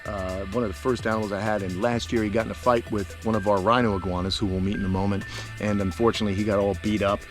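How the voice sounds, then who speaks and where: A man's voice: on the low side, a bit bright. A man hosting a casual, enthusiastic walking tour of outdoor animal enclosures, talking with lots of fillers. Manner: chatty and enthusiastic, many fillers. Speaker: reptile sanctuary owner and host.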